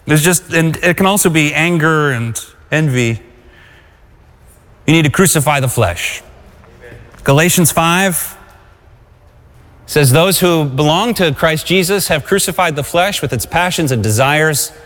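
A man's voice: fairly high pitch, unhurried, long pauses, fairly bright tone. Man preaching in a reverberant hall. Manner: exhorting, calls for congregation responses. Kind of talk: sermon.

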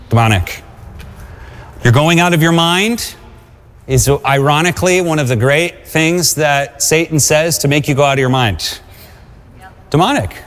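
A man's voice: a little high, normal speed, pauses often. A man preaching a sermon, exhorting and calling on the congregation to answer him. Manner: exhorting, calls for congregation responses. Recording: long hall reverb.

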